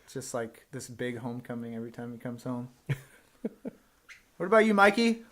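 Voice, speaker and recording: Male host, casual studio chat, relaxed and teasing. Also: medium pitch, a little fast. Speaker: podcast host.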